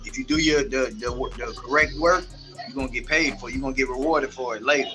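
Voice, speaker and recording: A man's voice: medium pitch, fast, over music. A man from Texas with a Southern accent, a guest telling loose, streetwise stories in a casual interview. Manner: loose streetwise storytelling, acts out quotes, keeps saying "you know what I'm saying". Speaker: guest, tourism guide.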